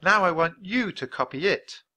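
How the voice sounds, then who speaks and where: A man reading aloud as a kind, patient woman schoolteacher on the frontier, speaking calmly and gently. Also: sits high, moderate pace, pitched above the performer's own voice, heavily acted. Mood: gentle. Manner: gentle, calm and encouraging. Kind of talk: children's audiobook reading.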